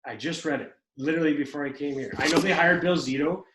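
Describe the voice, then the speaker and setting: A man co-hosting a casual hockey podcast, jokey, cutting in often and quick to laugh. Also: a little high, noisy background. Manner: joking, interjecting, laughs easily. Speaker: podcast co-host. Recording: echoey room.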